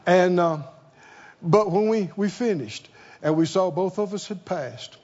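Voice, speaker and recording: A man's voice: sits high, a little slow, darkish tone, lo-fi sound. A man preaching a sermon, emphatic and fond of rhetorical questions.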